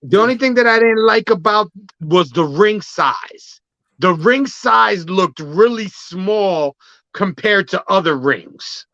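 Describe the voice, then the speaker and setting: A man co-hosting a sports podcast, giving measured, analytical comments in casual talk. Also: sits high, animated, a bit bright, no room sound, highs cut off. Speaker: podcast co-host.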